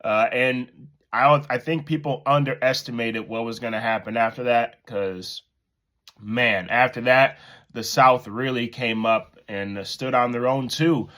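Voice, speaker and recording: A man casually commenting and telling a story to his viewers, animated and laughing at himself. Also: medium pitch. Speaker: host commentator.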